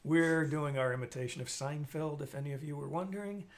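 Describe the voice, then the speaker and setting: A man's voice: a little high, a little fast. Rambling live stream host man. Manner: rambling, reads viewer comments aloud, jokey. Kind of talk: casual live stream chat.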